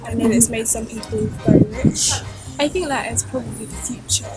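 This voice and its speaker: A woman's voice: on the high side, a little fast. A woman answering a street interview in a tentative way. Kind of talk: vox pop answer. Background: music.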